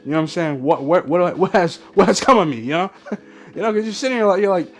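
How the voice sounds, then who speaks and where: A man with a slightly high-pitched voice gives a profane, exasperated movie review rant. He keeps slipping into mocking quotes. Faint music plays under him. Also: animated, fast. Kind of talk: ranting movie review vlog.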